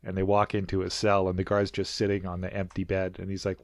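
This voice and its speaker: A man with a lowish voice rambles through a story in casual podcast chat. The sound is dry and close. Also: completely flat delivery, quick pace, dry recording. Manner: rambling storyteller, many fillers. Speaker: podcast co-host.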